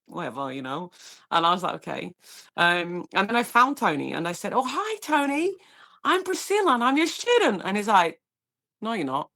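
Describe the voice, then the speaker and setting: A woman in her thirties from Brazil, speaking English with a Brazilian accent, chatting as a paramedic guest and acting out the people in her stories. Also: on the low side. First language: Portuguese. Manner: animated storyteller, acts out quoted voices, laughs often. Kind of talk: casual interview chat.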